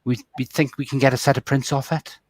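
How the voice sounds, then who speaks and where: A man voicing a nervous male security official in a tabletop role-play, reporting in halting, stammering sentences. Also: mid-range voice, level tone, no echo, natural voice, low-quality recording. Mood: dutiful.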